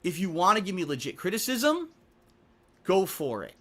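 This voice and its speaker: A man's voice: high-pitched, wildly swooping pitch, moderate pace, a bit bright, a little hiss or hum. A man giving an emotional, indignant speech to camera as a content creator, repeating himself for emphasis.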